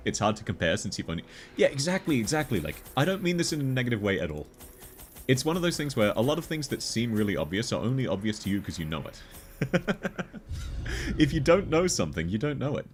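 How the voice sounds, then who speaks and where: A man streaming a game, chatting casually with viewers and laughing often. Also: slight background noise. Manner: chatty, laughs often, lively rises in pitch.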